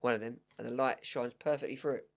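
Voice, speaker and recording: A man's voice: mid-range voice, fairly even intonation, fast talker. A young man co-hosting a podcast, telling his holiday story in an easygoing, agreeable way and laughing often. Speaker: podcast co-host. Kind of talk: casual chat.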